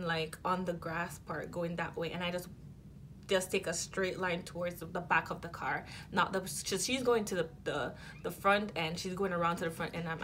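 A woman's voice: lowish voice, a little hiss or hum. Rambling woman telling a storytime. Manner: animated, rambling, with many fillers and restarts. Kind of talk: casual storytime chat.

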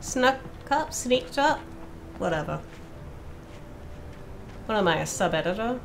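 A woman's voice: mid-range voice, expressive, a little slow, vocal fry, slight background noise. A woman playing a horror game, talking casually to herself, swearing freely and screaming when startled. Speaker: let's play streamer. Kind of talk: casual gameplay commentary.

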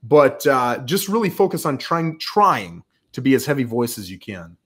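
A man speaking as a podcast guest, a real estate agent explaining his follow-up routine in an energetic, rambling way. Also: medium pitch, normal speed, slightly rough. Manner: energetic, rambling, acts out quoted calls. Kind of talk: conversational interview.

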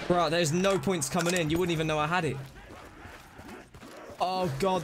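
A man streaming a zombie game live, reacting excitably, scolding himself and thanking donors. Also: high-pitched, normal speed, pauses often. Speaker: livestreamer. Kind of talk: live gameplay commentary. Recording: music playing behind voice. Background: game music and gunfire.

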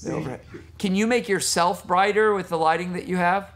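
A man's voice: high-pitched, brisk, fairly bright tone. A man teaching a jiu-jitsu class over a video call, teasing students between technique corrections. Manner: joking, teasing coach giving technique corrections. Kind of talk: online class instruction.

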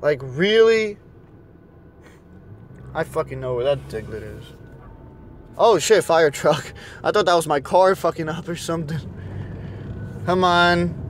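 A man's voice: on the high side, lively intonation, a little slow, pauses often, slight background noise. A young man ranting and cursing nonstop while driving around and vlogging. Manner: angry, cursing constantly. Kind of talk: casual rant while driving. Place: in a car.

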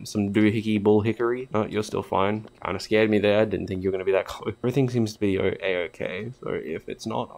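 A man with a fairly low voice narrates his own gameplay in a loose, jokey let's-play style. He swears freely and chats directly to the characters on screen as he plays. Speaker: gaming YouTuber.

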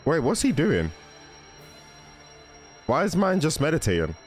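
Animated young man reacting excitedly. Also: a little high, measured pace, soft background music. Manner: exclaiming, self-interrupting, laughing. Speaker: reaction video host. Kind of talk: casual excited reaction commentary.

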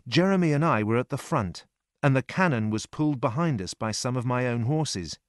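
A male narrator reads a storybook aloud in a steady, clear voice at a middle pitch. The sound is dry and close, with no room around it. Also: normal speed, no room sound. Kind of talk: audiobook reading for English learners.

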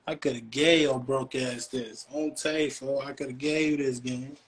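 A man's voice: mid-range voice, fairly even intonation, moderate pace. A young man from Chicago with a Chicago accent, ranting and taunting in casual livestream talk full of street slang. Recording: faint background noise.

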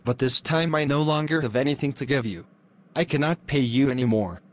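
A man's voice: mid-range voice, brisk, close to an everyday voice. A man voicing a frightened young miller's daughter who pleads in a raised voice. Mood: worried.

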